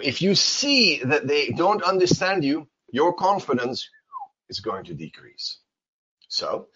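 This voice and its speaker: A man giving an English pronunciation lesson, his voice swinging high and low as he repeats words to drive a point home. His tone is slightly husky, and the recording sounds dull and lo-fi. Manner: animated, repeats words for emphasis. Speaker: English teacher. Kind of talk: casual spoken lesson.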